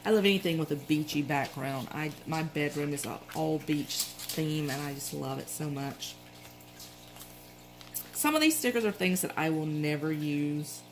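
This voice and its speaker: A woman's voice: sits low, normal speed, background noise. A middle-aged woman with a Southern accent, chatting casually as she shows off planner supplies, rambling and correcting herself as she goes. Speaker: planner vlogger. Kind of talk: casual show-and-tell chat.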